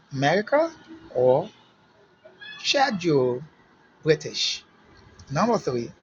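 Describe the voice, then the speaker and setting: A video creator running a casual quiz for viewers, greeting in several languages and spelling words out slowly letter by letter. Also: medium pitch. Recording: dull lo-fi recording with faint background noise.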